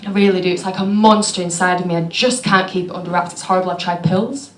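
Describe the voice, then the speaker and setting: A woman doing stand-up, telling stories in a deadpan, self-mocking way. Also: lowish voice, fast. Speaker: stand-up comedian. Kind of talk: stand-up comedy. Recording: echoey venue with clear background noise.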